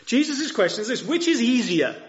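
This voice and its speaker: A man preaching a sermon in a chapel, with lively rhetorical questions and frequent restarts. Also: extremely high pitch, a little fast, lo-fi sound. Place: church chapel.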